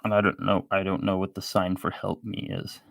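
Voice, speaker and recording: A man's voice: deep voice, completely flat delivery, brisk, creaky, a bit bright, no echo. A man hosting a live show, rambling with sardonic asides while he draws. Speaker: show host. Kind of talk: rambling live-stream commentary while drawing.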